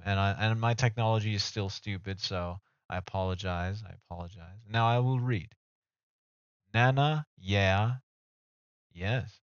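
Rambling low-voiced male streamer. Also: no room sound. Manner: rambling, self-mocking, talks to chat. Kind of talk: casual live-stream chat. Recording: dull dry home mic audio.

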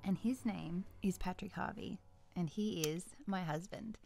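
A woman's voice: fairly low pitch, measured pace, creaky, dark tone, faint music behind. An Australian woman hosting a podcast at home, chatting in a bubbly way and laughing often. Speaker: podcast host. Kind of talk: casual chat.

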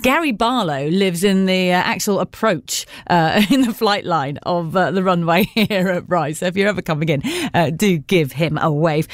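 Woman radio presenter, chatty and jokey, lively pitch, dry close studio mic. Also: no room sound. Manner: chatty, jokey, laughs while talking.

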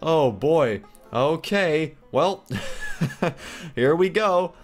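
A young man hosting a gaming channel, excitably commenting as he plays, yelping and laughing at close calls. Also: on the high side, drawn-out words, soft background music. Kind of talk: playing a game with commentary.

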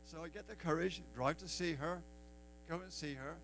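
A man's voice: a little high, normal speed, a bit bright, slight background noise, poor audio. English man telling a storied testimony. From England. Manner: storyteller who acts out quoted dialogue. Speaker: church member giving testimony. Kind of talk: personal testimony at an open mic. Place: church deck at an open-mic event.

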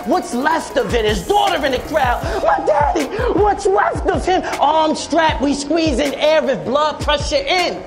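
A man performing a battle rap, aggressive and taunting, shouting his punchlines. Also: very high-pitched, animated, a little slow, hardly any pauses, over loud music. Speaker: battle rapper.

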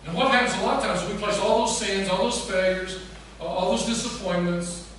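A man preaching a sermon as pastor, telling the story in a folksy, animated way and acting out the quoted voices. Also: sits high, fairly quick. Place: church sanctuary. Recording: echoey church from a distance with noise.

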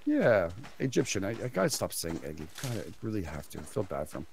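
A man's voice: deep voice, wildly swooping pitch, quick pace, vocal fry. A man chatting casually while playing a co-op survival game, stammering a little and laughing often. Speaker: game player. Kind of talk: casual co-op gaming chat.

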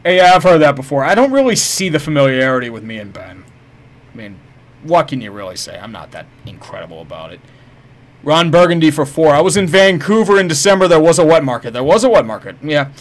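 A man's voice: on the high side, very animated, fast talker. A man live-streaming a game, swearing, joking with viewers and hurling mock-heroic taunts at enemies. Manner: profane, jokey, chats with viewers. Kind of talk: casual live-stream commentary.

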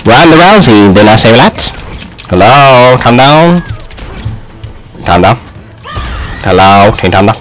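Excitable young man yelling at a game. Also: slow pace, pauses often, low-quality recording. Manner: excitable, shouts and trash-talks at the game, swings loud and high. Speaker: gaming YouTuber. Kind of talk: casual gameplay commentary. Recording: faint music behind.

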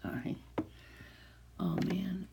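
A woman's voice: on the low side, drawn-out words, vocal fry, heavy background noise. A woman filming herself and talking to unseen doubters in an agitated, sarcastic way, dropping to whispers and then rising to angry outbursts. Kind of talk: rambling self-recorded monologue.

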